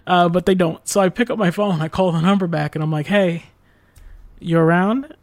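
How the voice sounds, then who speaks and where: A man's voice: high-pitched, fairly even intonation, fast, dry recording. A man telling a casual story in a rambling, exasperated way, full of fillers and the odd swear word.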